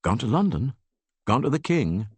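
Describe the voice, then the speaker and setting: A man's voice: medium pitch, very animated, moderate pace, slightly rough, dry recording, voice pushed up. A man voicing a worried, perceptive wife in an audiobook, speaking plainly and directly. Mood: worried probing.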